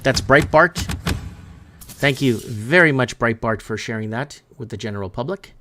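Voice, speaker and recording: A talk show host, an adult father of three, browses news headlines and comments casually in a rambling, emphatic style that often stumbles over words. His mid-range voice has lively intonation and a sharp tone at a moderate pace, with soft music behind him.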